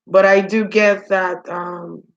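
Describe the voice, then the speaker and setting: Slow, hesitant woman doing a psychic reading. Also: mid-range voice, steady tone, lo-fi sound. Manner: hesitant, musing, many ums and repeated words. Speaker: spiritual reader.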